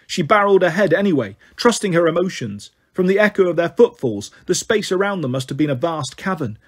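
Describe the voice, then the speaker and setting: A man reads a fantasy story aloud at a steady storytelling pace. His voice is husky and sits a little high. He carries the action along plainly. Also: fairly quick. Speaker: narrator. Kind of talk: audiobook reading.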